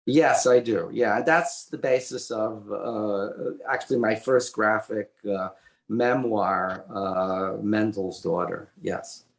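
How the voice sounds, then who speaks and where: An older man, an author and illustrator, telling a personal story as an interview guest in a halting way with many fillers and restarts. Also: fairly low pitch, fairly even intonation, vocal fry. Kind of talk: conversational storytelling. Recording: roomy echoey audio.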